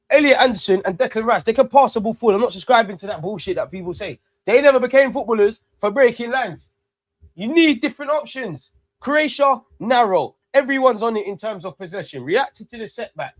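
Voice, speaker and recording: High-voiced ranting man. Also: no room sound. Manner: ranting, excitable, swears freely. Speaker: watch-along host. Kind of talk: live football watch-along commentary.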